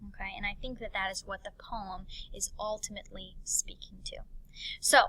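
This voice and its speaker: A woman's voice: mid-range voice, steady tone, normal speed, sharp tone, a little hiss or hum, rough recording. A young woman teacher talking through a poem in a recorded lesson, explaining step by step with many fillers and restarts.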